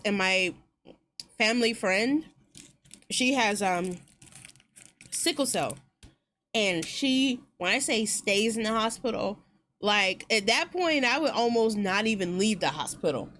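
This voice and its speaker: A woman's voice: a little high, fairly bright tone, a little hiss or hum. A woman streamer chatting casually while gaming, rambling through tangents and laughing often. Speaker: game streamer.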